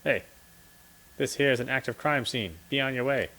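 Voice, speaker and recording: A man's voice: medium pitch, moderate pace, pushed and bright, low-quality recording. A man voicing a bossy, dismissive male city cop with a thick Brooklyn accent, speaking brusquely.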